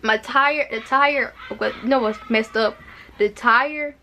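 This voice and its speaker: Young woman, casual storytime vlog, dramatic asides, fairly high bright voice. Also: slow, soft background music. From Arkansas. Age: young adult. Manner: chatty and dramatic, with repeated words and asides to viewers. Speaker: vlogger.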